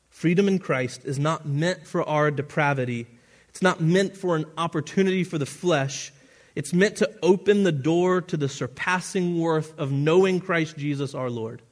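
A man preaching a sermon as pastor, earnest and often restarting his phrases, with the odd chuckle at his own asides. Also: a little high.

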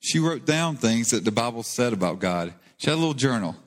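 Man, pastor, earnest sermon, conversational, echoing church hall, mid-pitched voice. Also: sing-song, a little fast. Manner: earnest, conversational preaching with rising emphasis. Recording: long reverb of a church hall.

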